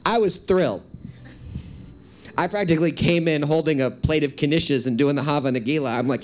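A man's voice: a little high, moderate pace, a little hiss or hum. A man from the Midwest, an author, telling a self-deprecating personal story with wry asides.

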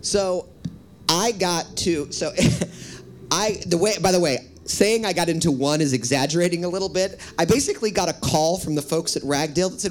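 A man's voice: a little high, moderate pace. A man from the Midwest, an author, telling a self-deprecating personal story with wry asides.

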